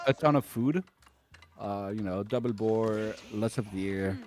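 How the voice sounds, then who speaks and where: A man's voice: lowish voice, measured pace, a little mellow. Laid-back man co-casting. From Belgium. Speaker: co-caster. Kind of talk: live game commentary.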